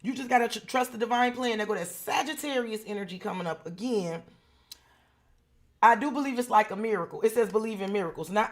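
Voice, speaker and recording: A woman giving a live-stream tarot reading, chatty and frank, swearing freely and talking straight to viewers by name. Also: medium pitch. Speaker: tarot reader.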